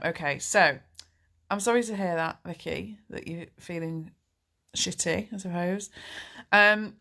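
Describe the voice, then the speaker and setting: A woman's voice: fairly low pitch, moderate pace, bright, forceful tone. A woman, a life coach answering viewer questions in a candid, chatty, reassuring live Q&A. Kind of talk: live Q&A chat.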